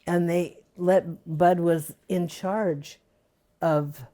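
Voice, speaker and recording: A woman's voice: on the low side, fairly even intonation, very slow, mellow. An older woman being interviewed for an oral history, reminiscing in a rambling way with many fillers.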